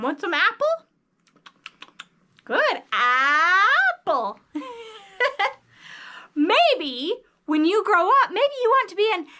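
A woman leading young children through a phonics lesson in a sing-song teacher voice. Her voice is very high, bright and lively, and she talks slowly and carefully. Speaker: early reading teacher.

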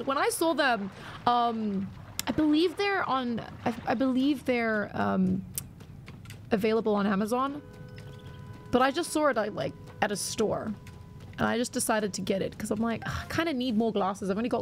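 A woman's voice: fairly high pitch, a little hiss or hum. A woman live-streaming a video game, chatting playfully and reacting to her viewers' messages.

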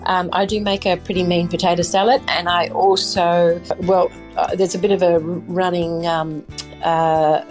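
Middle-aged Australian woman, potato grower, low-pitched and chatty, wanders through stories with a bit of music faintly underneath. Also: flat delivery, measured pace. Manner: chatty and enthusiastic, rambling anecdotes. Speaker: potato farmer guest. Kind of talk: casual chat.

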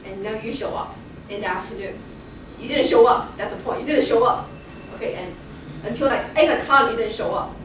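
Animated woman telling a testimony, echoey room. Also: fairly high pitch, brisk. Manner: animated storytelling, acting out quoted voices. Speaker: Bible study member sharing a testimony. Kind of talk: casual personal testimony. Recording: echoey room, far from the mic, noisy.

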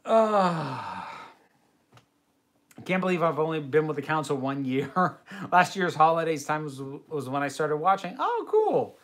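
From his bedroom, a young American man hosts a livestream Q&A, reading chat questions aloud and answering in long tangents. His voice is a little high and a bit bright, and he speaks a little slowly.

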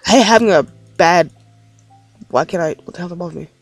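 A man's voice: high-pitched, fairly quick, vocal fry, no room sound, faint music behind. A man giving rambling let's play commentary on his game, easily frustrated and swearing often. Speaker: gaming commentator.

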